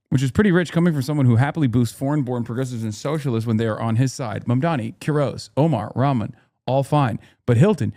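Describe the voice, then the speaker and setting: A man's voice: medium pitch, dark tone. Sarcastic, swearing male streamer. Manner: sarcastic, profane, casual. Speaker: streamer host. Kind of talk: live reaction commentary.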